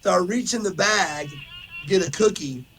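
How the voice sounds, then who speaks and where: A man's voice: sits high, normal speed, slight background noise. A man hosting a podcast, telling a rowdy story in casual chat and acting out the other people's lines as he goes. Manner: animated storyteller, says "brother", acts out quotes. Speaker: podcast host.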